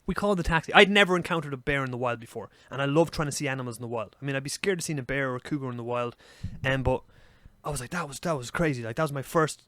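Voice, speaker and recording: A young Irish man co-hosting a podcast, telling a story in casual, animated chat and swearing freely. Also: mid-range voice, very fast, hardly any pauses, no room sound, studio quality. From Ireland. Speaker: podcast co-host.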